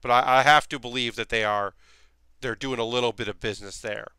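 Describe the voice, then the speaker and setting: Brief: male streamer, bright tense voice, rambly casual chat from a home workshop. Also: medium pitch, steady tone, brisk, clear, resonant tone, dry recording, studio quality. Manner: rambling, chatty, many fillers. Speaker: streamer building costume armor.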